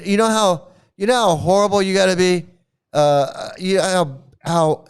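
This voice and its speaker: Guy ranting on his channel, mocking and cussing, says stuff twice, smooth kinda high voice. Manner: mocking, repetitive, profane. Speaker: commentary channel host. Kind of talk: ranting commentary.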